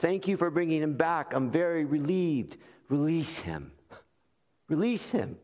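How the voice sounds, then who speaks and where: A man acting out a gentle old bishop, warm and forgiving, his voice lifted higher than a preacher's usual tone. He speaks insistently and pleads, and a long reverb from a large hall trails each phrase. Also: big pitch swings, measured pace.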